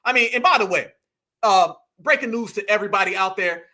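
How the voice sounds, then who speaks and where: A man hosting reaction commentary, animated and mocking, repeating his points. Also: high voice, a little fast. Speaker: commentary host.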